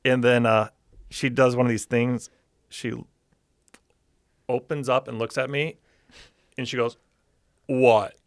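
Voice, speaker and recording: A man, an optometrist, telling clinic stories on a podcast with animated, excitable energy. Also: mid-range voice, a little slow, long pauses, no echo, studio quality. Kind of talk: podcast storytelling. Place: podcast recording room.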